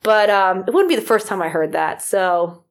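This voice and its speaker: A woman from Florida hosting a podcast in casual chat, rambling with many fillers, her voice a little rough from feeling unwell. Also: medium pitch, lively intonation, normal speed. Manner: rambling, filler-heavy, self-deprecating. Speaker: podcast host.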